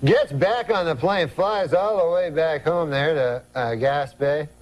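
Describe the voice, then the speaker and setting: A man, a comedian guest, telling a meandering deadpan anecdote in halting, filler-heavy speech. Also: fairly high pitch. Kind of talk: rambling anecdote.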